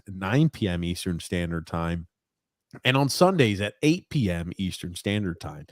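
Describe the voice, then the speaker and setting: Male sports podcast host, chatty and animated, dry close sound. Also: on the low side, no echo. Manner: energetic, chatty, swears casually. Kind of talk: casual podcast chat.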